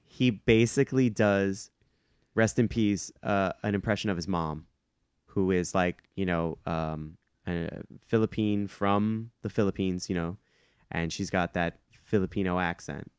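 Low, smooth-voiced man in casual chat. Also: fairly even intonation, normal speed, dry recording, clean studio sound. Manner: storytelling, laughing, quoting people. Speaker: podcast co-host, filmmaker.

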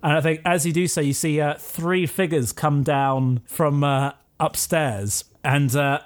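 A man's voice: a little high, steady tone, unhurried. A man running a tabletop game as game master, narrating with an amused, giggly manner.

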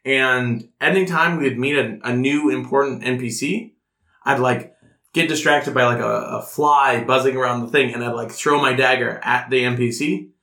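A man's voice: mid-range voice, normal speed, pushed and bright. A young man chatting casually, rambling and self-mocking with lots of fillers as he tells a story. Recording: roomy echoey room.

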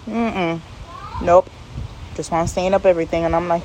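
A woman's voice: fairly low pitch, moderate pace, slight background noise, rough recording. Woman venting casually outdoors on phone. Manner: rambling, venting, animated asides. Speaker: podcast host. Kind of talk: casual rambling monologue. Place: outdoors in the shade.

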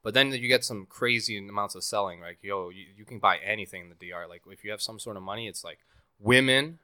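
A young man chatting on a podcast, telling travel tales with a bright tone. He keeps it loose and animated, voicing each character along the way. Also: lowish voice, fast talker, clean tone. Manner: animated storyteller, acts out quotes. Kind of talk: casual podcast chat.

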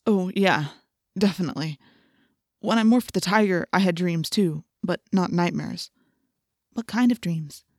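A woman voicing an earnest, friendly teenage boy who talks quietly and confidingly in an audiobook. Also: fairly low pitch, a little slow, no room sound, studio quality.

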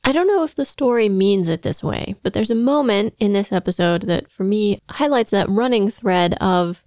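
A woman of middling pitch discusses on a podcast in an animated way, playfully acting out lines. The recording is dry and close. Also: moderate pace, dry recording. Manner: animated, acts out quotes playfully. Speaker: podcast co-host. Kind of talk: analytical discussion.

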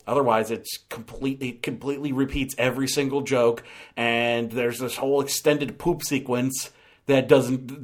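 A man giving a casual, rambling film review, full of restarts and fillers. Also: medium pitch.

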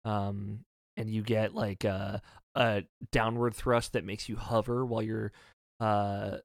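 A man's voice: lowish voice, flat delivery, slow, gravelly, no room sound, studio quality. A man reviewing a video game in a casual discussion, talking eagerly and rambling with lots of fillers. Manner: enthusiastic, rambling with many fillers.

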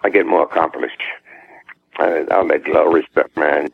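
An older man from the South talks in a very deep, gravelly voice with a husky edge. He circles back over his words and chuckles as he goes. The sound is dull and muffled, like an old radio tape. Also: steady tone, moderate pace. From American South. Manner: laughs often, repeats words, warm down-home talk. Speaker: guest singer. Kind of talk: relaxed interview chat.

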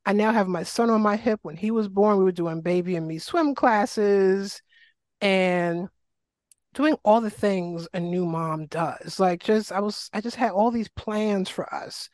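A middle-aged wellness coach from New York, appearing as an interview guest, tells her life story in a lively, conversational way. Her medium-pitched voice moves at a measured pace, full of ums and likes, and she does little voices for the people she quotes. The sound is dry and close, with no room around it.

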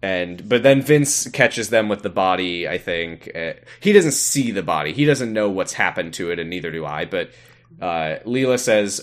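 Podcast co-host, male, low-pitched, wry and casual, mimics characters in bursts. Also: animated, moderate pace. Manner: wry, acts out character quotes with sudden voice jumps. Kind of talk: casual recap chat.

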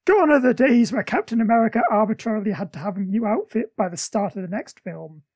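A man hosts a casual podcast, trading playful jokes and quick asides. His voice is husky, and the sound is close and dry. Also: high-pitched, a little mellow, no room sound. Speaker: podcast host.

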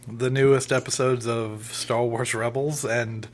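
A man co-hosting a podcast in casual chat, making wry jokes with halting starts. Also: medium pitch, flat delivery. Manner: wry, joking, halting with fillers. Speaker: podcast co-host.

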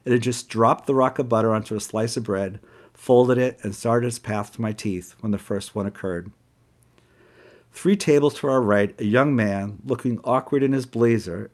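A man reading a first-person story aloud in a wry, sarcastic way, with a few stumbles. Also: lowish voice. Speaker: narrator reading a personal memoir.

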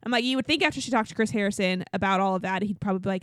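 Racing through her recap of reality TV, a woman co-hosting a podcast chats casually, leaning on likes and ums and acting out quotes. Her voice sits in the mid range, and the studio recording is clean with no echo.

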